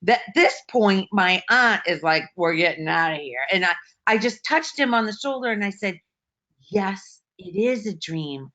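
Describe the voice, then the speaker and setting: A woman shares a personal story in casual, emotional bursts, often stopping and restarting mid-sentence. Her voice sits in an ordinary middle pitch. The audio is dull and lo-fi, like an online call. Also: lively intonation, normal speed, sharp tone. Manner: emotional, breathless retelling with many restarts. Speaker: participant sharing a story.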